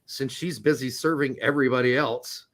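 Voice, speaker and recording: A man's voice: mid-range voice, steady tone, normal speed, a bit bright. A man hosting a podcast, trading crude, profane jokes and laughing often in casual banter. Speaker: podcast host.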